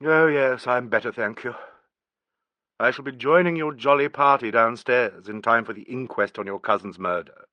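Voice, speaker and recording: A man voicing a tense, brooding young woman in an audiobook, with a deep voice and falling inflection and a bitter edge. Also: moderate pace, no room sound, muffled recording, lightly acted. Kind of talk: audiobook character reading.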